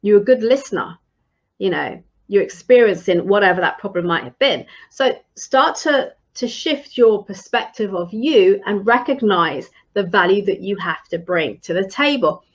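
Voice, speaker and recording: A woman's voice: mid-range voice, expressive, moderate pace. Earnest woman coach, slightly dull audio. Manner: earnest, advising, with frequent ums and restarts. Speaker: leadership and career coach. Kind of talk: live-streamed coaching talk.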